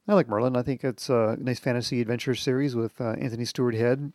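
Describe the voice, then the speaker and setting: A man's voice: medium pitch, steady tone, fast talker, darkish tone, dry recording. A man hosting a podcast on his own, chatting casually with dry, self-deprecating jokes. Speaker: podcast host. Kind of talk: casual solo podcast monologue.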